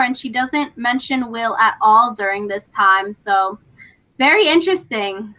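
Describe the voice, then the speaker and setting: A young woman co-hosting a podcast in casual, excitable chat, full of "like" and quick laughs. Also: fairly high pitch, lo-fi sound. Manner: chatty, excitable, frequent "like" and laughs. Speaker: podcast co-host.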